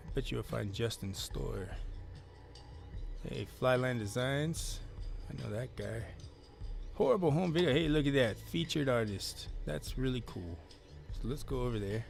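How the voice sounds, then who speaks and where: Man, live stream host, casual rambling, jokey, gravelly. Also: medium pitch. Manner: loose, joking, reads out viewer comments.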